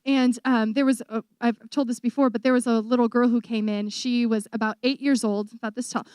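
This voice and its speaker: High-voiced young woman telling an animated testimony. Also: brisk, smooth, no echo, studio quality. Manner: animated storytelling, acts out quoted voices. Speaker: missionary speaker. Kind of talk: testimony talk to a church audience.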